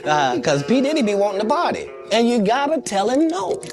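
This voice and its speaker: A man in an interview, making boastful, playful claims with a deadpan edge. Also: very high-pitched, fairly quick, loud music behind the voice. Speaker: interview guest. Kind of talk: joking interview talk.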